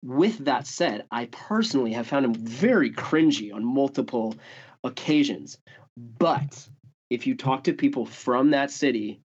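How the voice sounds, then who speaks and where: A man, a guest musician spinning casual stories. He swears freely and leans on "like" and "dude". His voice sits in an ordinary mid pitch, and the recording sounds somewhat dull and lo-fi. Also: expressive, a little slow, a little mellow, breathy edge. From Canada. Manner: loose and profane, heavy on "like" and "dude". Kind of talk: casual storytelling.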